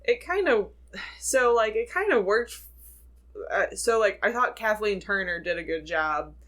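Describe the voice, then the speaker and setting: A woman co-hosting a podcast, chatting about a film in a relaxed, conversational way, often saying "like". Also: medium pitch, a little slow. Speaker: podcast co-host. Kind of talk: casual film discussion.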